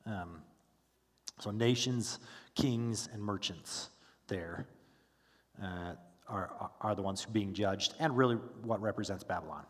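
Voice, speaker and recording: A man teaching a Bible study class in a relaxed, conversational way, full of fillers and restarts, who stops to ask his class questions. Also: lowish voice, slow pace, pauses often, in a large hall. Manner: casual, with frequent fillers and restarts. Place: church classroom.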